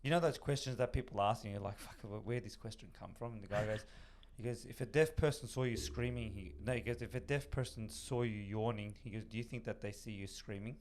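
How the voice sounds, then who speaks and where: Man, hoarse, casual rambling chat, swears, mid pitch. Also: fast talker, hardly any pauses, darkish tone. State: hoarse, lost voice. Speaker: podcast co-host.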